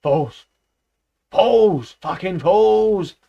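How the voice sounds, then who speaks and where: A man voicing an old, cynical male donkey who shouts shrilly and swears. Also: high-pitched, expressive, extremely slow, highs cut off, pitched above the performer's own voice, full character voice. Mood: furious.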